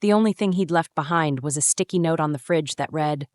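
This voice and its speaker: A woman in her thirties narrating a first-person drama story in a measured, brooding way. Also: low voice, darkish tone, no echo, studio quality. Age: 30s.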